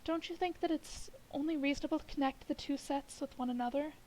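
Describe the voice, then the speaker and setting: A woman reading the lines of an earnest gentleman who calmly presses a strange theory. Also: high voice, slight background noise, lightly acted, poor audio. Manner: measured, insistent. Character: earnest middle-aged gentleman building a theory.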